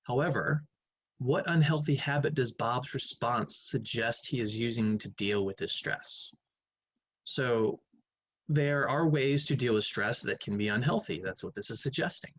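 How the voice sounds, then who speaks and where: A male math teacher talks through quiz questions in a relaxed, conversational way, musing aloud as he weighs each answer. His voice sits at an ordinary middle pitch. The sound is dry and close, with no room echo. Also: a little slow, slightly rough. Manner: conversational, thinking aloud, hums while reading. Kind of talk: recorded online lecture going over quiz questions.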